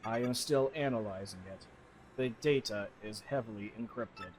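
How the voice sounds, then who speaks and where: A man voicing a calm, formal male computer that talks in a slow, measured, flat way. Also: fairly low pitch, music in the background, pitched below the performer's own voice, lightly acted, poor audio.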